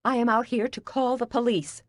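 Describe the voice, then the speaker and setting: A woman narrator gives voice to a frantic bakery worker in a storybook mystery. Her voice rides up high with alarm and indignation, in agitated, high-strung outbursts close to the mic. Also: steady tone, normal speed, no room sound, natural voice. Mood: alarmed, indignant.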